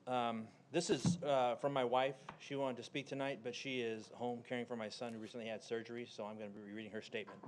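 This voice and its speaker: A man reads a prepared statement at the podium at a quick clip, over faint background noise. His pitch sits in a middle range. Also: steady tone. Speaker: parent speaking at public comment.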